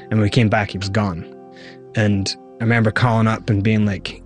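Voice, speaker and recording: A man, the guest in an interview, retelling his past with lively acted-out quotes. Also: fairly low pitch, a little fast, faint music behind. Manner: animated retelling, acts out quoted voices. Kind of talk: storytelling interview.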